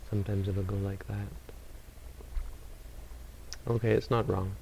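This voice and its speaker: A man who is a Buddhist meditation teacher, answering audience questions in a calm, unhurried, gently advising way. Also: fairly low pitch, gravelly, slight background noise, poor audio.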